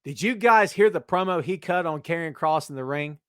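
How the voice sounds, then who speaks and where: A middle-aged man hosts a podcast in a rambling, jokey, animated way, talking straight to his co-hosts and listeners. His voice sits a bit high for a man. The sound is dry and close, with no room around it. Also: fairly quick, clear, resonant tone, no echo. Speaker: podcast host. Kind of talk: casual wrestling podcast chat.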